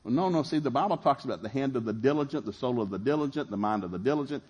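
Middle-aged preacher, husky, fervent, plays out quoted voices. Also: male voice, mid-range voice, expressive, rapid-fire, hardly any pauses, darkish tone. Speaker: pastor. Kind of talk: sermon.

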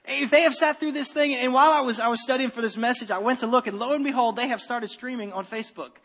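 A man preaching a sermon as pastor, animated and given to repeating his phrases and restarting sentences. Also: extremely high pitch, quick pace, big-room sound.

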